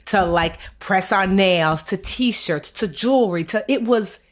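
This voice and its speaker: A woman's voice: mid-range voice, slow pace. A woman co-hosting a podcast in casual chat with an American accent, talking candidly and a bit wearily about the year. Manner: candid, tired, reflective. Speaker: podcast co-host.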